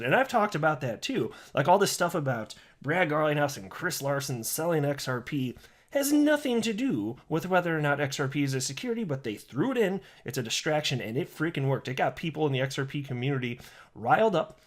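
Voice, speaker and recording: A man's voice: fairly high pitch, fairly quick. A man doing solo commentary for his channel, reading tweets aloud and ranting sarcastically, sometimes stopping to restart a line. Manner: animated, sarcastic ranting with mocking insults; self-correcting, restarts lines. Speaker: crypto YouTuber.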